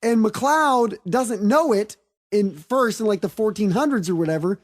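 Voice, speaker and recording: A woman's voice: medium pitch, expressive, normal speed. A woman co-hosting a podcast, chatting eagerly and swearing casually as she retells a story. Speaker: podcast co-host. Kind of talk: casual chat.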